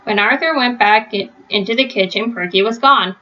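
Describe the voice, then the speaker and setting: A woman reading a children's storybook aloud in a steady, gentle storytelling manner. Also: a little high, normal speed, dull audio. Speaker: storybook reader. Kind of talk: children's read-aloud narration.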